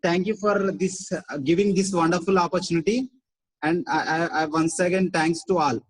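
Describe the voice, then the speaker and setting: A young man with a Telugu accent, giving a student seminar talk with many pauses, fillers and restarts. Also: sits high, steady tone, husky, rough recording. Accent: Telugu-accented English. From India. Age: young adult. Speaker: student presenter.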